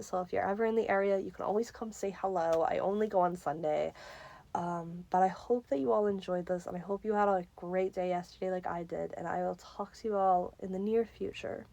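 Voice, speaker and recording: A young woman telling a casual story-time vlog, excitable and giggly and swearing freely. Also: on the low side. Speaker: vlogger.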